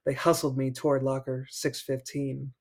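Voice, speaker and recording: A man's voice: medium pitch, little pitch movement, normal speed. A man hosting a podcast, reading a children's horror book aloud and breaking off for joking asides, laughing between passages. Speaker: podcast host.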